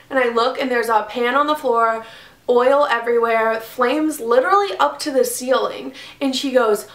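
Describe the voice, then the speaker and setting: A young woman tells a storytime with exasperated, profane energy. Her voice sits a little high, and the room around her is echoey. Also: steady tone, moderate pace, fairly bright tone. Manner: profane, exasperated retelling with acted quotes. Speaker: vlogger. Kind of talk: casual storytime.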